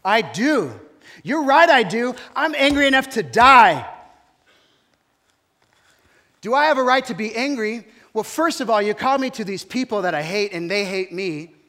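A man preaching a sermon, voicing an angry, self-pitying male prophet who shouts his complaints. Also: high voice, measured pace, long pauses. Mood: furious. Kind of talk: sermon storytelling.

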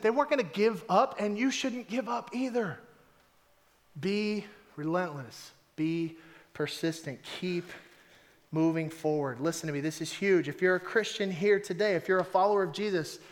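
High-voiced man preaching a lively sermon. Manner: animated, conversational preaching with emphatic repetition. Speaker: pastor.

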